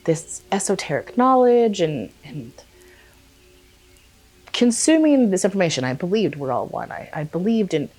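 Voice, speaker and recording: Young woman rambling thru a personal story, kinda low voice, swears a lot, jumps up high when she quotes people. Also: normal speed, faint music behind. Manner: animated, swears freely, acts out quotes in a higher voice. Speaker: vlogger. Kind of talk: casual storytelling.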